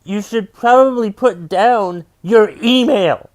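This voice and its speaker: A man's voice: high-pitched, slow, a little mellow. A man who hosts his own podcast as a stand-up comedian, ranting in an exasperated, profane way and repeating his refrains. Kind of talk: comedic rant.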